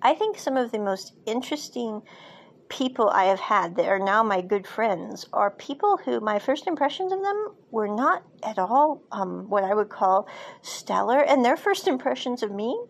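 A woman's voice: on the high side, animated, moderate pace, creaky. A woman podcast host recapping and reviewing a drama in a chatty, casual way, laughing now and then with frequent asides. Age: adult, parent.

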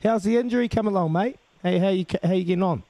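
A man's voice: high voice, quick pace, warm tone, dry recording. A man with a New Zealand accent hosting a radio show, chummy and calling everyone mate. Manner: chummy, calls people mate. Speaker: radio host. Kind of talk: casual radio chat.

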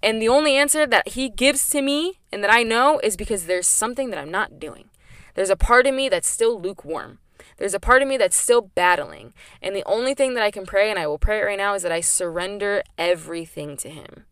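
A woman's voice: mid-range voice, animated, a little fast, fairly bright tone, smooth, no room sound, clean studio sound. A young woman hosting her own podcast, talking candidly and emphatically about faith with lots of "like" in her speech. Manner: candid, chatty, emphatic with frequent "like". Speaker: podcast host. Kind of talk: personal faith podcast monologue.

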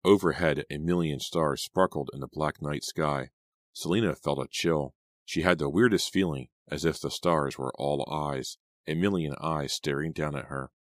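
A male audiobook narrator with a very deep, low voice tells the story at a steady pace. The recording is dry and close, with no room sound. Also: moderate pace, dry recording. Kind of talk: scripted narration.

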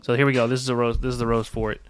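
A man's voice: mid-range voice, little pitch movement, racing, smooth. A man co-hosting a casual comedy podcast. He talks in a laid-back way and laughs often. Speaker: podcast co-host.

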